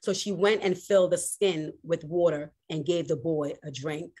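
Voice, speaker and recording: A woman pastor preaching a sermon, animated, swinging from loud exclamations to hushed, slow emphasis. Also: deep voice, husky.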